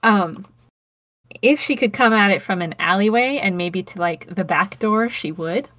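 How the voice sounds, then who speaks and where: A woman's voice: mid-range voice, a little slow, a bit bright, no echo. A woman playing a tabletop game, thinking aloud as she describes her character's actions. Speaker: player.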